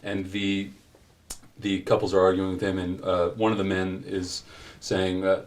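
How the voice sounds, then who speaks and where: Brief: low-voiced male game master, casual scene-setting narration. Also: little pitch movement, measured pace. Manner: loose, filler-heavy narration.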